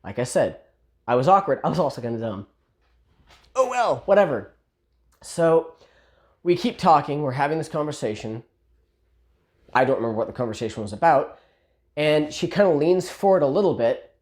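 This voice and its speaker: A man telling a personal story in a casual, animated, self-deprecating way. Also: on the high side, moderate pace, pauses often.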